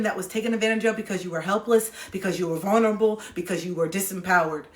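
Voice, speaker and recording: On a casual livestream recorded by phone, a woman with a mid-range voice offers spiritual advice, speaking bluntly and preachily and using slang. The sound is roomy.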